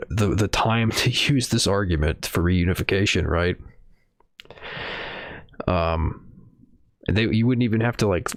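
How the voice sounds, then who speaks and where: A man's voice: low voice, dry recording, clean studio sound. A man streaming casual news commentary at home, rambling and swearing, with many fillers and hedges. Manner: rambling, profane, hedging with fillers.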